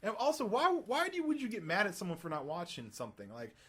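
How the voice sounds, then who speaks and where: A man co-hosting a casual podcast chat, rambling and getting excited as he tells stories. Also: sits high, fast, husky. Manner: rambling, excitable, does mocking voices. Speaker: podcast co-host.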